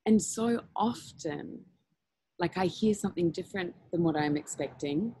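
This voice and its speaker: A woman talking frankly and openly in an interview, animated and laughing often. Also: lowish voice, moderate pace, husky, dry recording. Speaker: interview guest. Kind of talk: candid conversational interview.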